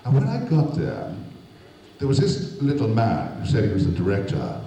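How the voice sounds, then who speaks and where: A man's voice: on the low side, wildly swooping pitch, normal speed, warm tone. A man, an actor, telling a rambling, self-deprecating comic anecdote to an audience. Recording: echoey hall, distant mic, noisy.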